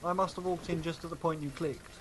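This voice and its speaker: A man's voice: on the high side, fairly even intonation, fast, over a noisy crowd. A man casually chatting with friends while livestreaming a game, swearing freely and laughing at his own jokes. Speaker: streamer host. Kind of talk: casual gaming chat.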